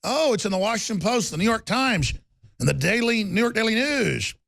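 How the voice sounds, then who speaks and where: A man hosting a political talk show, ranting rapidly and heatedly with stammering restarts. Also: high voice, animated, creaky, a bit bright, no echo.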